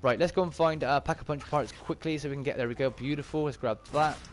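A man's voice: on the high side, fast talker, slight background noise. A man with a Bristolian accent giving chatty live-stream commentary while he plays and answers his chat. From Bristol, England. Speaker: game streamer.

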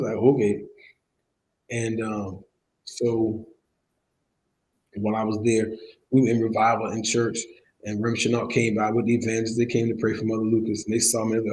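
A man's voice: on the low side, fairly even intonation, unhurried, long pauses, darkish tone, rough recording. Emotional storytelling man preaching. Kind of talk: church Bible study teaching.

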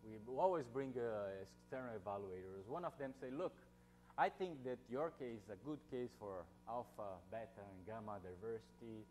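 A man's voice: medium pitch, normal speed, darkish tone, soft background music. A man with a Brazilian Portuguese accent giving an academic seminar talk, speaking informally with jokes, many fillers and restarts.

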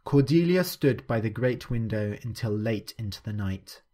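A man narrating a scripted story clearly and steadily for language learners. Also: lowish voice, lively intonation, moderate pace, warm tone.

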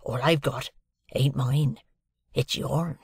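A man doing a gravelly old convict. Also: mid-range voice, steady tone, takes it slowly, no room sound, studio quality, heavily acted. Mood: boastful. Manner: coarse dialect, hoarse hushed urgency. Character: rough older male convict, fiercely devoted.

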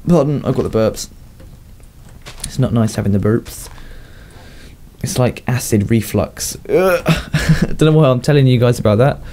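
A young man with a Southern English accent talks his way through a game in loose, rambling commentary. His voice is mellow and warm, sitting at an ordinary pitch, and he often chuckles at his own asides. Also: moderate pace, pauses often, a little hiss or hum. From southern England. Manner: rambling, self-chatting, laughs at his own jokes. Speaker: gaming YouTuber. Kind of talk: casual Minecraft commentary.

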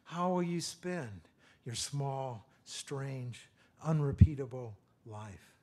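A man voicing a haughty, scornful dead French queen, lowering his voice slightly for her lines in a poem. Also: animated, takes it slowly, mellow. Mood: solemn.

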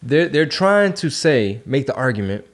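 A man hosting a podcast in a loose, slangy way. His voice sits at a middle pitch, and he gets animated as he tells a story. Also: normal speed. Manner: casual, slangy, animated when telling stories. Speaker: podcast host. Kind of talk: casual podcast chat.

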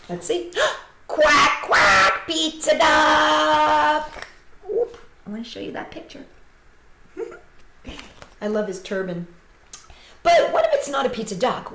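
A woman who entertains children, reading a picture book aloud in an animated, sing-song way with playful animal noises. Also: medium pitch, echoey room, a little hiss or hum.

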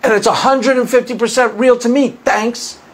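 A man with a strikingly high-pitched voice delivers an opinionated monologue to camera. He argues his point with sarcasm and mockery of his opponents. He often restarts words and phrases mid-sentence. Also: steady tone, normal speed. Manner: argumentative, sarcastic, mocks opponents' views. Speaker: Christian apologist video host.

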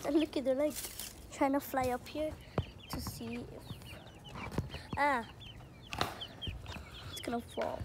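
Rambling high-voiced young woman vlogging. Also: takes it slowly, pauses often, noisy background. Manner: rambling, excitable, gets loud when the chickens crowd her. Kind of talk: casual vlog chat. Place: outdoors by a chicken coop. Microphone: phone camera held in hand. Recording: phone video outdoors with chickens clucking. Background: clucking chickens and birds.

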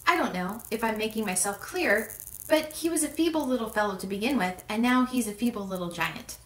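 A woman's voice: a little high, lively intonation, fairly quick, lightly acted. A woman voicing a rambling, boastful male would-be bard who hedges as he talks, in a roomy, distant recording. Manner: rambling, hedging. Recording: roomy echo, distant mic.

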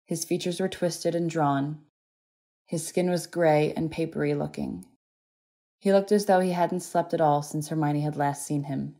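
A woman narrating a fan fiction audiobook in a steady, even reading voice. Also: deep voice, measured pace.

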